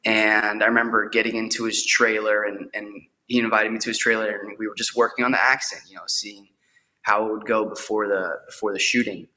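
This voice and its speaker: A man's voice: lowish voice, flat delivery, fairly quick, bright, forceful tone. A young man, an actor, talking eagerly in a casual interview and often repeating words as he goes. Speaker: actor guest.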